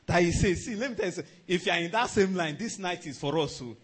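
A man preaching a sermon as a pastor, animated, often chuckling and repeating himself for emphasis. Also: high voice, fast, a little hiss or hum.

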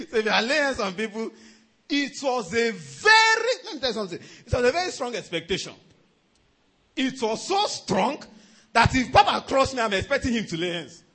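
A man preaching a sermon as a pastor, animated, often chuckling and repeating himself for emphasis. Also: sits high, husky.

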